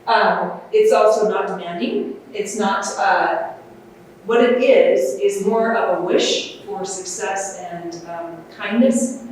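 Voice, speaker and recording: Woman presenter, gentle unhurried delivery, heavy room echo, faint ambience. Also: medium pitch, distant mic, slight background noise. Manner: gentle, unhurried, with fillers and restarts. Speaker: conference presenter. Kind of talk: workshop talk on self-compassion. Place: large conference room.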